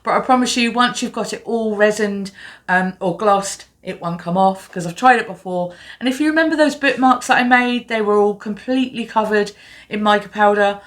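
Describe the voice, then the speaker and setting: A woman's voice: mid-range voice, normal speed. A woman hosting a polymer clay crafting tutorial, talking in a chatty, reassuring way as she explains each step. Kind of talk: casual tutorial talk.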